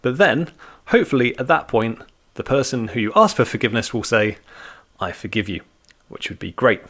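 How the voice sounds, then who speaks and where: Man, youth sermon, conversational, joking, teacherly, mid pitch. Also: lively intonation, brisk, a bit bright. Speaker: youth church speaker. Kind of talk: informal sermon talk for young people.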